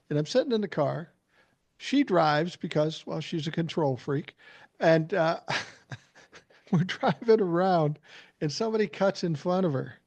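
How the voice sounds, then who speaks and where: Gravelly-voiced man swearing through stories. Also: a little high, darkish tone, no room sound. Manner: blunt storyteller who swears freely. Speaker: podcast host. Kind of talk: casual podcast chat.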